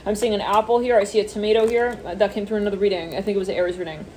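A woman's voice: medium pitch, fairly even intonation, rapid-fire, darkish tone, a little hiss or hum. A woman giving a casual tarot reading, rambling with many fillers and swearing offhandedly. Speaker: tarot reader.

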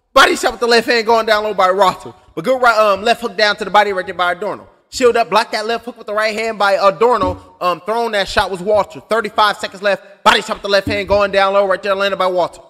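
High-voiced profane boxing commentator, echoey. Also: male voice, fairly even intonation, fairly quick, bright, forceful tone. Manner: profane, joking, rambling. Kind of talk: live blow-by-blow commentary.

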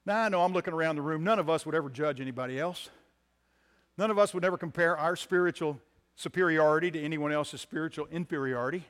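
A pastor preaching a sermon to his congregation, swinging from loud emphatic lines to quiet ones and repeating key phrases. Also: fairly high pitch, quick pace, smooth. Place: church sanctuary.

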